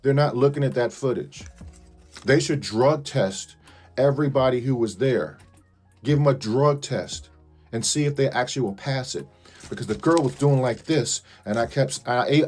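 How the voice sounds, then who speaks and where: Man, vlogger, indignant complaint, pointed repeated questions, middle pitch, faint music bed. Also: darkish tone. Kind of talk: complaint video to viewers.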